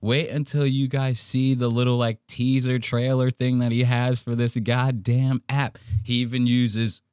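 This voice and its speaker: A man hosts a podcast and recaps stories with animated, profane energy. His mid-pitched voice is recorded dry and close, with little room sound. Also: unhurried, smooth, dry recording. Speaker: podcast host. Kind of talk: casual chat.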